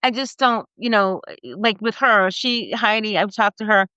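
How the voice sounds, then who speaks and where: A woman in her forties, a podcast guest, retelling a personal story in a halting, emotional way with many fillers. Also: medium pitch, fairly even intonation, pushed and bright, no room sound. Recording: slightly muffled dry recording.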